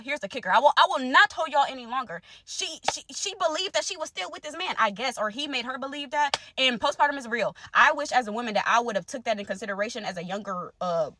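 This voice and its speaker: Animated young woman telling a storytime. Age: young adult. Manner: animated, talks straight to viewers, acts out quotes; wide swings in pitch and loudness. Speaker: storyteller vlogger. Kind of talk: casual storytime to camera.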